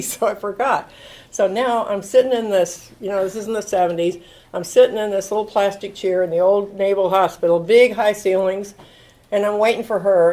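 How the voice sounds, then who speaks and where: A woman's voice: medium pitch, low-quality recording. A woman in her sixties giving a recovery talk, telling stories with acted-out quotes and frequent laughter. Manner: animated storyteller, acts out quotes, laughs often. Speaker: AA speaker.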